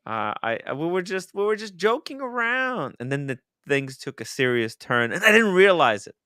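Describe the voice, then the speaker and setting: A man's voice: fairly high pitch, very animated, normal speed, pushed and bright, no echo, studio quality. A man hosting a casual livestream chat, playful and exclaiming, laughing often. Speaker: show host.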